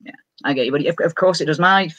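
A woman's voice: low voice, racing, a bit bright, dry recording. A chatty woman hosts a live-streamed talk show. She bounces between guest and viewers and laughs at herself. Her voice is close and dry, with no room sound. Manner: bubbly, chatty, laughs often, scattered. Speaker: livestream show host. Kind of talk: casual live-streamed chat.

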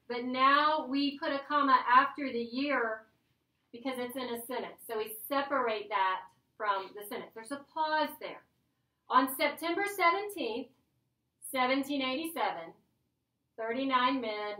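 A woman's voice: high-pitched, sharp tone. A woman teacher giving a playful, chatty grammar lesson to her class. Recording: echoey classroom from a distance.

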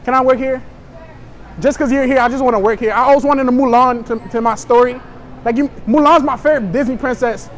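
High-voiced brash young man pranking. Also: fairly even intonation, a little fast, slight background noise. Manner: brash, joking, provocative. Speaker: prank vlogger. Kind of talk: public prank chatter. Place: inside a store.

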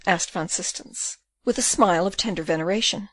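A woman's voice: fairly low pitch, a little fast, a bit bright, dry recording. Woman narrating a classic novel. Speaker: audiobook narrator. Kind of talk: scripted narration.

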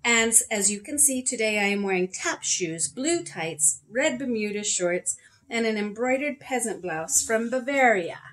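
A woman's voice: on the high side, animated, moderate pace, a bit bright, slight background noise. A woman reading aloud as a confident, bossy schoolgirl who is telling a story to her class. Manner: bossy, matter-of-fact.

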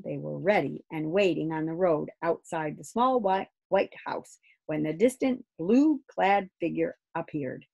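A woman reading a children's book aloud in an expressive storytelling voice. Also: on the low side, creaky, slightly rough.

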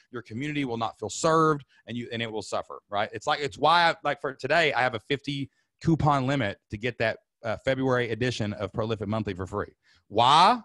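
A man hosting a sales webinar, fired up and preachy, repeating slogans and letting out loud whoops. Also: mid-range voice, no echo. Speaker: webinar host. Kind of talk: energetic sales webinar talk. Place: home studio under lights.

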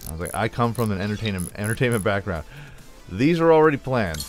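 Rambling, joking man with a low voice. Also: animated, fairly quick, faint music behind. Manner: rambling, jokey storytelling with playful sound effects. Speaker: let's play host. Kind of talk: casual gameplay chat. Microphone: desk microphone.

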